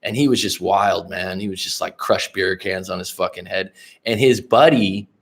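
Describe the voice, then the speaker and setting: A man's voice: deep voice, normal speed, creaky, a bit bright. Rambling, profane male livestream coach. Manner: rambling, profane, addresses chat viewers directly. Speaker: life coach hosting a livestream. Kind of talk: casual livestream chat with viewers.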